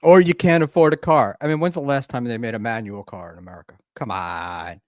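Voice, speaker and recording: A man's voice: medium pitch, brisk, dry recording. Sarcastic man with a dry voice. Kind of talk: casual chat.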